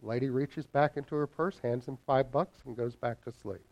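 A man preaching a morning lesson as a minister, telling a parable with expressive shifts in loudness for emphasis. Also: mid-range voice, normal speed, creaky, muffled recording, slight background noise. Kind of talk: sermon with a told parable.

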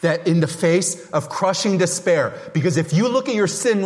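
Loud, emphatic preacher man in a hall. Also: sits high, lively intonation, moderate pace. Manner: loud, emphatic, self-deprecating humor. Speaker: pastor. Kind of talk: sermon.

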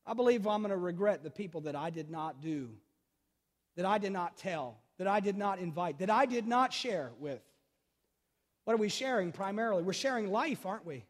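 A middle-aged pastor with a high voice preaches a sermon in a church, moving from loud, urgent bursts down to quiet, intimate storytelling. He repeats phrases for emphasis and talks straight to the congregation. His voice carries a long reverb through the large hall. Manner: repeats phrases for emphasis and addresses listeners directly.

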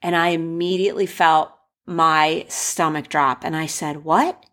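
A young woman casually telling the story of her wedding and giving advice, animated, acting out the quoted voices with gasps. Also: low-pitched, measured pace. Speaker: bride sharing wedding advice.

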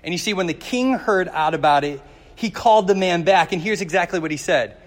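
A man's voice: a little high, expressive, brisk, in a large hall. A male pastor giving a sermon in a conversational, storytelling way with jokes.

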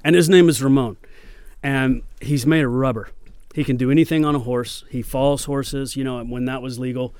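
A man, a guest actor, telling casual rambling anecdotes in an animated way. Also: mid-range voice, moderate pace, clear, resonant tone, dry recording. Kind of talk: casual storytelling chat.

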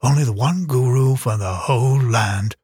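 A man's voice: mid-range voice, normal speed, a little mellow, slightly rough, no echo, studio quality, natural voice. Man playing a moody, proud 12-year-old boy. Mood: sulky. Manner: curt, sulky, defiant. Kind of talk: audiobook character reading.

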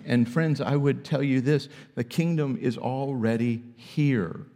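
A man preaching a sermon as pastor, emphatic, with high-pitched bursts when acting out questions. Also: measured pace, hardly any pauses, mellow, big-room sound.

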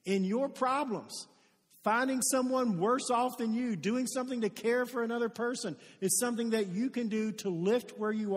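A man preaching a sermon as pastor, telling stories earnestly and building to emphatic peaks. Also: sits high. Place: church sanctuary. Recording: long reverb of a large hall.

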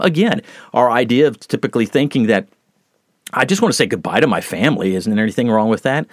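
A middle-aged man preaching a plain-spoken, earnest sermon, teaching with lively shifts in pace and loudness. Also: lowish voice, fast talker, dry recording, studio quality.

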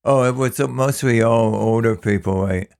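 A man's voice: mid-range voice, normal speed, gravelly, a little mellow. A man recalling old local characters in casual conversation, in brief, matter-of-fact remarks. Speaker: longtime resident guest.

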